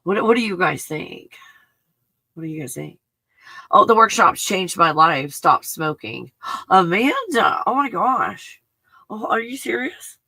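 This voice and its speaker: A woman's voice: sits low, pushed and bright, dry recording. A woman hosting a spiritual healing live stream, reading viewer comments and gushing with emotional exclamations.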